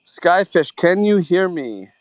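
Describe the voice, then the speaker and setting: A man hosting a live trading Q&A, talking bluntly and quickly and tossing in bits of French. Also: high-pitched, big pitch swings, dry recording. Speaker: host of a trading Q&A. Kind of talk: casual live audio chat.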